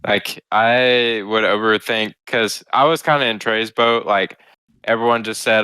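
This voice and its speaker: Bright, smooth-voiced young man. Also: lowish voice, steady tone, a little slow, no echo, rough recording. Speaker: podcast co-host. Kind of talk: casual chat.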